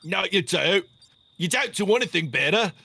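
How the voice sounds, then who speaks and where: A man's voice: high-pitched, expressive, moderate pace, vocal fry, sharp tone, slightly rough. A man chatting while playing a game with friends, blunt and teasing. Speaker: streamer. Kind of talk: casual gaming stream chat. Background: game music.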